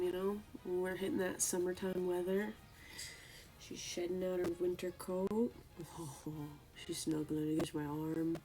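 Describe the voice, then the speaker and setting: Woman cooing at her cat on stream. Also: lowish voice. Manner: coos at her pet cat in a sing-song baby voice; drops into soft whispers now and then. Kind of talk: casual live-stream chat. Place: home room while streaming.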